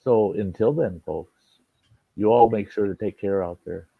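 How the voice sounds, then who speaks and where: A man's voice: on the low side, measured pace, vocal fry, no room sound. A man hosting a late-night live stream. He tells stories in casual chat, laughs often and swears freely. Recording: dull lo-fi stream audio.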